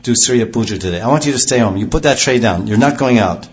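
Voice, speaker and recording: A bossy old mother-in-law barks orders, as a man acts her out. Her voice rises higher than a plain speaking voice and comes on strong. The recording is dull and lo-fi. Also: lively intonation, fast talker, lightly acted. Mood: scolding. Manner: scolding, commanding. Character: stern old mother-in-law forbidding an outing.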